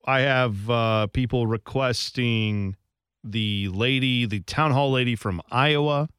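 A man's voice: medium pitch, slow pace, fairly bright tone, clean tone, no room sound, clean studio sound. A man co-hosting a radio show, joking around in casual banter. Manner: joking, puts on silly voices. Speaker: radio co-host.

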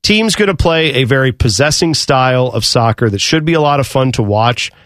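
A man's voice: mid-range voice, expressive, brisk, a bit bright, no room sound, clean studio sound. A man co-hosting a sports radio show, talking casually and musing about the game. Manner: conversational, musing.

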